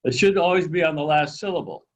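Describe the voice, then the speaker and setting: Man, cantor, fairly high voice, explanatory, corrective, video call. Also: quick pace, rough recording. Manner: explanatory, corrective, speaks with some authority. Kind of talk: casual group discussion.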